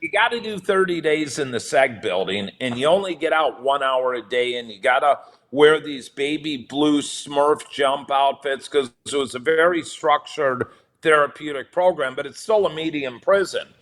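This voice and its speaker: A man with a fairly high voice tells a story as a podcast guest. He is loose and profane, and he chuckles between anecdotes. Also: moderate pace, fairly bright tone. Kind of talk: casual storytelling.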